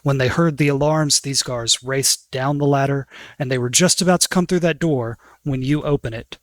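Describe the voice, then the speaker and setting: A man's voice: medium pitch, moderate pace, no echo. A man running a tabletop game as game master, narrating scenes in a casual, descriptive way.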